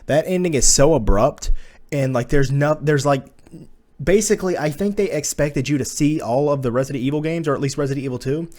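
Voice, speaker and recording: A man's voice: fairly high pitch, fairly quick, darkish tone. A man giving a casual spoken movie review, blunt and profane, slipping into exasperated rants.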